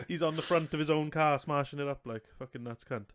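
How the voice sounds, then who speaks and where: A man's voice: on the high side, normal speed, fairly bright tone, slight background noise. A man hosting a podcast, telling crude stories in casual chat, swearing and laughing a lot. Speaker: podcast host.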